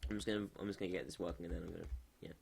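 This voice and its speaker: A man streaming live while he builds a game, thinking aloud in a halting way with many restarts. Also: low voice, steady tone, vocal fry, a little mellow, slight background noise.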